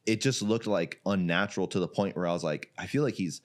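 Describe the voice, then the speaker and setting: Deep-voiced man telling a wild story. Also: brisk. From Iraq. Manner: animated storyteller, laughing often, heavy use of "like". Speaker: podcast guest, jiu-jitsu gym founder. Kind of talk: casual storytelling chat.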